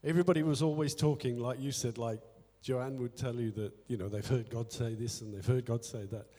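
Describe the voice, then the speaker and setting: A man's voice: mid-range voice, steady tone, fairly quick, dark tone. A man speaking in a church service, candidly telling a personal story of faith with quoted inner dialogue and self-deprecating humor. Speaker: church elder. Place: church hall. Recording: echoey hall with faint music.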